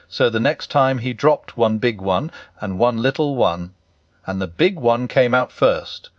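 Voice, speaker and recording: A man narrating a classic children's story as a calm bedtime reading. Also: medium pitch, unhurried, dry recording, muffled recording. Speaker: audiobook narrator.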